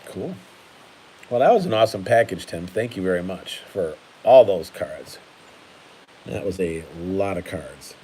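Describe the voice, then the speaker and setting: A man's voice: low voice, animated, measured pace, dark tone, a little hiss or hum, poor audio. A man hosting a casual card-collecting live stream, chatty and laughing often while he sorts cards at his table.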